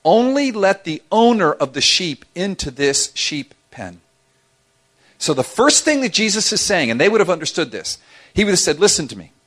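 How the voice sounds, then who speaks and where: A man's voice: high-pitched, normal speed. A middle-aged man preaching a sermon as a pastor, telling stories with playful asides. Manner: animated storytelling with playful asides.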